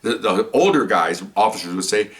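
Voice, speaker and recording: A man's voice: on the low side, animated, normal speed, a bit bright, recorded from a distance. A man, a former police officer, telling a story in a casual, rambling way, repeating words as he goes. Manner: rambling, stumbles and repeats words, acts out quotes.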